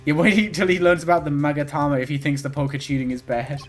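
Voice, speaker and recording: A man's voice: a little high, fairly even intonation, fast talker, faint music behind. A man streaming a game, chatting casually and jokily, swearing freely as he rambles. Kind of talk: casual gameplay commentary.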